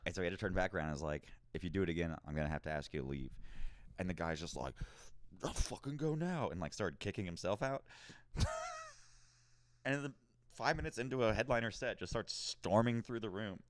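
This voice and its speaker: A man, a comedian guest, chatting casually and telling a lively story, acting out the people in it. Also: low voice, fast, dry recording. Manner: lively storyteller, acts out quoted voices. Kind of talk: casual chat.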